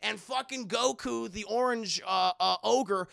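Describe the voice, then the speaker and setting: A man recaps an anime episode for his live chat in a very gravelly, tense, bright voice. He swears freely and keeps jumping into the characters' lines. The recording is close and completely dry. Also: high voice, a little slow, dry recording. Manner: profane, animated, acts out every character. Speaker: anime reviewer.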